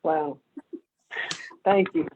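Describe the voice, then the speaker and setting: A high-pitched man interviews a guest, affirming and encouraging in tone. His audio sounds thin and phone-like. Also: steady tone, very slow, slight background noise. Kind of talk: interview questions.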